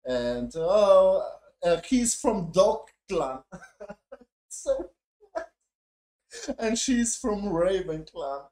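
Guy with a high-ish voice ranting and cussing about a show, sounds fed up, roomy echo. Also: sing-song, very slow, long pauses, warm tone. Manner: crude, mocking, exasperated. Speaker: show reviewer. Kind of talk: profane casual rant. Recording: echoey room.

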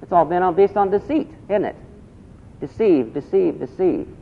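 High-voiced man preaching a sermon. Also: expressive, moderate pace, vocal fry, a little hiss or hum. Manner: repeats key phrases, asks the congregation questions, reads scripture aloud. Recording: dull lo-fi recording.

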